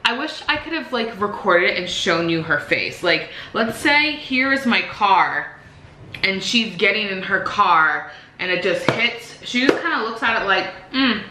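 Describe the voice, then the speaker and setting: A woman's voice: medium pitch, sing-song, unhurried, noisy background. A young woman vlogger venting animatedly about her day in casual, swear-filled storytelling. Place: indoors at home. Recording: echoey room.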